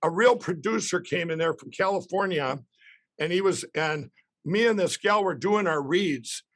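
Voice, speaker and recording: A man, telling a rambling, excited story as a podcast guest. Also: sits high, normal speed, no room sound.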